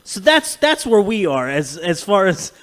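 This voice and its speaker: A man's voice: high voice, measured pace. A man co-hosting a podcast, telling rambling, profane stories in casual chat. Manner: profane, rambling, animated storytelling with laughs. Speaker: podcast co-host.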